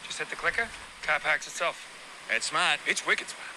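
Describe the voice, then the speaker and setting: A man's voice: a little high, moderate pace, background noise, lightly acted. An actor playing a cheerful man, bragging about his car in a commercial played on the show. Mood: boastful.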